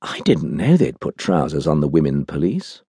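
A man voicing a suave, bantering gentleman outlaw who speaks with cool, quizzical mockery in an audiobook. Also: extremely low pitch, very animated, normal speed, husky, dry recording, clean studio sound, full character voice.

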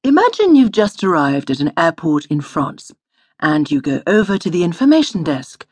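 A woman with a low, husky voice leads a scripted language lesson. She speaks slowly and patiently, and her pitch moves a lot as she models each word. The studio sound is dry and close. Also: sing-song, dry recording. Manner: patient, slow model pronunciation. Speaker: language course instructor.

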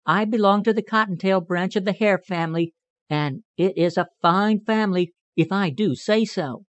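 A man voicing a curious, proud young male cottontail rabbit in an audiobook, quick to protest. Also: high-pitched, dry recording, highs cut off, pitched above the performer's own voice, lightly acted. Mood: cross. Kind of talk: audiobook character reading.

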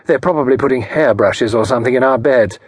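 A man's voice: medium pitch, fast, slightly rough, no echo, clean studio sound, natural voice. A man voicing a chatty, placid older lady who hosts a country house, talking in a genteel, prattling way in an audiobook. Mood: placid chatter.

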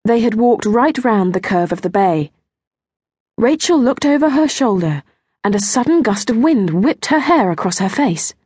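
A woman narrating a children's storybook in a gentle, expressive way, slowing down on small details. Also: on the high side, breathy edge, no echo, clean studio sound. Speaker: audiobook narrator.

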